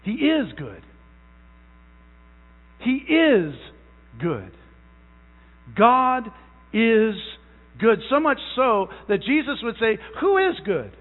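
Young male pastor, emphatic sermon delivery, halting repeats, long church reverb. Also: very high voice, sing-song. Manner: emphatic, stretches out key words; repeats phrases, halting restarts. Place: church sanctuary. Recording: tinny phone-like sound in a long-echo hall.

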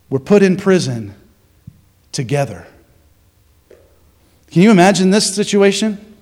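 A male pastor preaches a sermon in a chatty, animated way and keeps asking his congregation questions. His voice sits fairly high for a man. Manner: conversational, animated storytelling, asks the congregation questions.

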